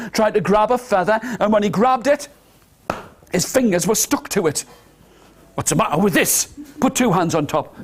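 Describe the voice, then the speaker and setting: A man telling an interactive story to nursery children, animated and coaxing them to join in. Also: sits high. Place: nursery school room.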